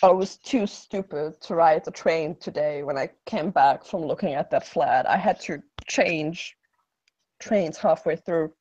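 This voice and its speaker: A woman's voice: deep voice, measured pace, darkish tone, highs cut off. A woman chatting casually on a video call, telling a story with many fillers. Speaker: hangout participant.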